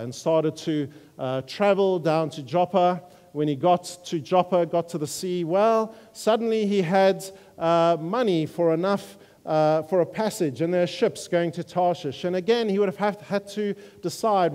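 Earnest guy preaching, kinda high but mellow voice, lots of ums, big echoey church hall. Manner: earnest, halting, with frequent fillers. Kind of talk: sermon. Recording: long church-hall reverb.

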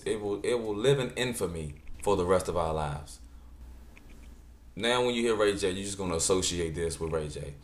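A man giving animated, incredulous reaction commentary in a joking tone. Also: low voice, reverberant. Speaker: vlogger.

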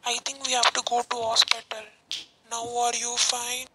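A woman's voice: a little high, flat delivery, moderate pace, heavy background noise. A woman who voices the office workers in a homemade cartoon, reading her lines plainly and simply. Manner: plain, simple line reading with short replies. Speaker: channel creator voicing the office workers.

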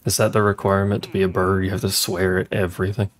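A man's voice: deep voice, level tone, fast talker. A male streamer giving casual game commentary, dry and joking, muttering to himself as he plays.

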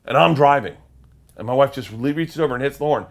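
A man, a comedian guest, telling animated profane stories and acting out the other people's voices. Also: medium pitch, fast, creaky. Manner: lively, profane, acts out voices. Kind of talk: animated storytelling.

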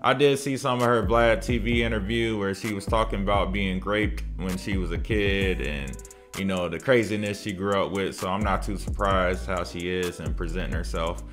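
A man's voice: deep voice, normal speed, soft background music. A man in his thirties hosting a commentary channel, giving dismissive, opinionated takes in a casual conversational way. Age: 30s.

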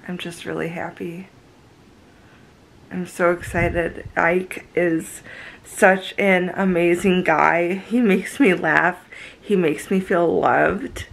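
Giggly young woman with a gravelly voice. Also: lowish voice, fairly even intonation, slow pace, rough recording. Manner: gushing, giggly. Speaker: vlogger. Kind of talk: casual vlog talk.

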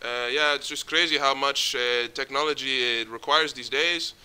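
A man voicing a calm, patient male phone support agent in a low-key tone. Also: normal speed, clean tone, rough recording.

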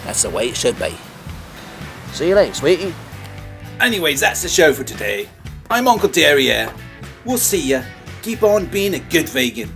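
A man's voice: on the high side, big pitch swings, normal speed, creaky, long pauses, fairly bright tone, exaggerated voice. A man playing a rambling, preachy vegan kids TV host who talks down to children and repeats his words, with music underneath. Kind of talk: comedic kids-show parody.

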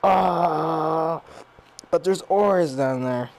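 A man's voice: on the high side, very slow, darkish tone. A man reacting while playing a VR game, jumpy and panicky and swearing constantly. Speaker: gamer.

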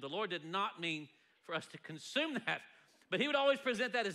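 High, bright-voiced pastor. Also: male voice, fairly quick. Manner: playful, joking, lively delivery with laughs. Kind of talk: sermon. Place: church sanctuary before a congregation.

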